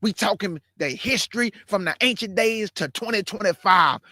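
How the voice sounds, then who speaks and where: With a high, sharp-toned voice at normal speed, this host gives impassioned commentary on his livestream. The studio audio is clean and echo-free, and he preaches fierily, hammering points repeatedly and calling his audience family.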